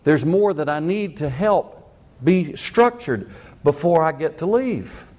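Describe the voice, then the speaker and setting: An older man, a pastor, preaching a sermon in an animated way that acts out the quotes he tells. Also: a little high, takes it slowly.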